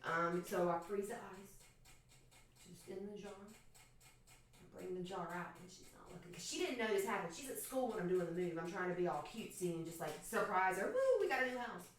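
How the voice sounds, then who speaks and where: A woman's voice: lowish voice, moderate pace, a little hiss or hum. A woman in her thirties from Florida, telling a profane, joking story casually to her stream chat. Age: 30s. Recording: echoey room, far from mic.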